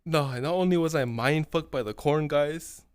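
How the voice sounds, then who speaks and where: A man's voice: fairly high pitch, clear, resonant tone, no echo. Young man, twenties, casual storyteller, profane, rambling, dry close sound. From California. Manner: profane, rambling, fills every pause with "right?". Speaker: streamer.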